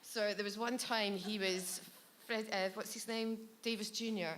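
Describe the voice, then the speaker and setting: A woman's voice: medium pitch, steady tone, a little slow, fairly bright tone, a little hiss or hum. A woman guest on a live podcast in a bar, animatedly telling stories, laughing often and mimicking people. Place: live show in a bar venue.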